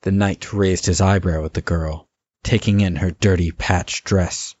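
A man giving steady, scripted story narration. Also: sits low, measured pace. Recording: dull lo-fi recording.

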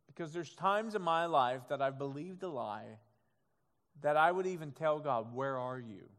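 A man preaches a sermon from the pulpit, his voice set slightly high. He drops to soft, quiet stretches and builds to loud, emphatic ones, now and then acting out God's voice. A long hall reverb trails every phrase. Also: lively intonation, moderate pace. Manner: acts out God's voice in quoted asides. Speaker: pastor.

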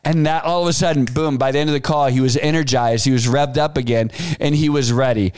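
A man in his forties hosting a business podcast, telling stories in a casual, animated way and acting out the quotes, with frequent fillers. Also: medium pitch, quick pace, smooth, no echo. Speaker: podcast host. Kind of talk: casual advice talk.

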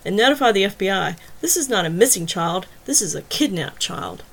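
A woman's voice: medium pitch, lively intonation, fairly quick, creaky, breathy edge. A woman voicing a blunt male police chief giving clipped, urgent orders in an audiobook. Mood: tense.

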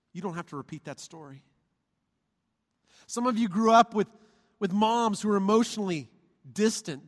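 A male pastor preaches a sermon in a high, bright voice, playful and animated as he calls on his congregation for amens. The church sanctuary gives his voice a long, reverberant tail.

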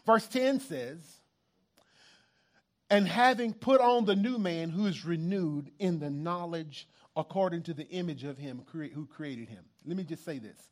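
Male pastor, high voice, animated church sermon with congregation asides. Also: a little slow. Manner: animated, emphatic preaching with repetitions and asides to the congregation.

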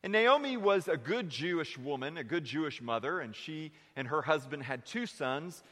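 A man preaching a sermon in a church, shifting between lively questions and hushed, heavy confessions. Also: moderate pace. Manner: preaching with dramatic voice shifts, dropping low and quiet for confessions. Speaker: pastor. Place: church sanctuary. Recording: long reverb of a sanctuary.

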